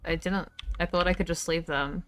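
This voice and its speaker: A woman game streamer chats casually on a livestream while she plays, swearing freely and talking to herself. Her voice sits on the low side and is fairly bright, with fairly even intonation and a moderate pace, over soft background music.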